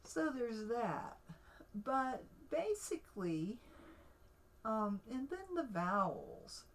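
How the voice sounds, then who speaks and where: A woman's voice: a little high, big pitch swings, slow pace, rough recording. A woman hosting a casual livestream tutorial, talking in a hesitant way with many fillers and restarts. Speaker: livestream host teaching language creation.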